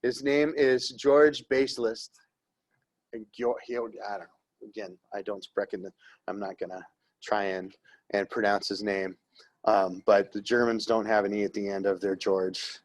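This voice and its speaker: A man's voice: fairly low pitch, fairly even intonation, moderate pace. Rambling male art teacher lecturing. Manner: rambling, conversational, jokey. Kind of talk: classroom art history lecture. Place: classroom.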